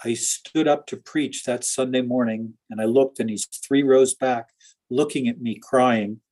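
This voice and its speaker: Husky-voiced pastor telling earnest stories. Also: male voice, mid-range voice, steady tone, measured pace, a little mellow. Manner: earnest, anecdotal, with laughs and restarts. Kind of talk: storytelling in an interview.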